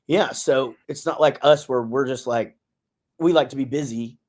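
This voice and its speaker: A man's voice: medium pitch, moderate pace, darkish tone. A middle-aged man co-hosting a podcast in casual chat, rambling loosely and swearing now and then. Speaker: podcast co-host.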